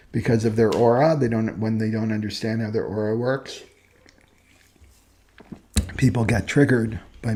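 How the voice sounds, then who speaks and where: A man's voice: lowish voice, a little mellow, a little hiss or hum. A man giving a casual, rambling spoken lesson on personality types, earnest and often checking in with "right?". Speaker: astrology and human design teacher. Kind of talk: casual spoken teaching monologue.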